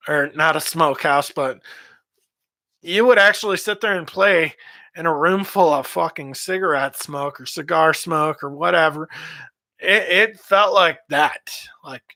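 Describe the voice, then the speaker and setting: A man's voice: fairly high pitch, a little slow, sharp tone, dry recording. A man, a metal vocalist, giving rambling casual advice on singing, repeating himself as he goes. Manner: rambling, repeats words, demonstrates screams and growls.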